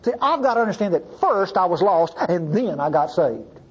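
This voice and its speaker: Brief: male preacher, husky, animated sermon delivery, dull muffled recording. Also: high-pitched, moderate pace. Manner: animated, pleading, swings from loud to hushed.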